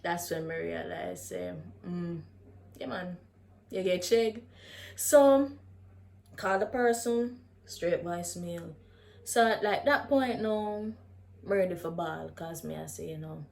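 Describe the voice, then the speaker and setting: A young woman with a Jamaican accent tells a story in a casual vlog. She is animated and slips in and out of patois as she talks. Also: on the low side, a little slow, slight background noise. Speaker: vlogger.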